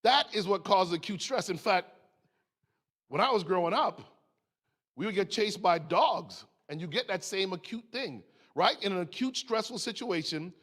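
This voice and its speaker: Middle-aged American man, sermon speaker, animated storyteller, slightly high voice. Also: moderate pace. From United States.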